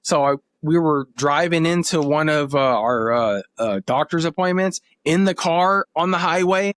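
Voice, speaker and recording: A man's voice: fairly high pitch, expressive, normal speed, fairly bright tone, no echo. A man in his thirties, a podcast guest, telling family stories in an earnest, emotional way. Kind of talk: casual interview talk.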